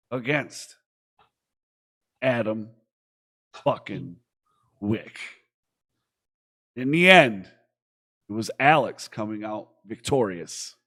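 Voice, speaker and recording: A young man from Michigan co-hosting a casual podcast, rambling excitedly and swearing freely. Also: medium pitch. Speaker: podcast co-host. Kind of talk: casual chat.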